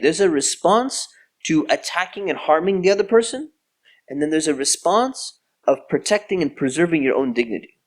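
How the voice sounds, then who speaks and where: A middle-aged man lectures to a room, retelling an old story in a relaxed, conversational way. His voice sits a little high for a man. He jumps into the characters' lines with lively swings in tone. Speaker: Islamic lecturer.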